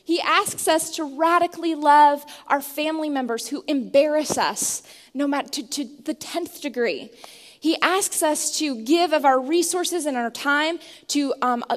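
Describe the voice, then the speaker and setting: A young woman preaching a sermon and praying, earnest and storytelling, often restarting her words, heard in a church sanctuary. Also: sits high. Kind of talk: sermon with opening prayer. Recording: long hall reverb.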